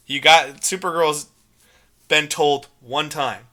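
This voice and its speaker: Bright-voiced animated young man. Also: fairly high pitch, slow pace. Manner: animated, emphatic, talks in long runs. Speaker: podcast co-host. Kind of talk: casual movie podcast chat.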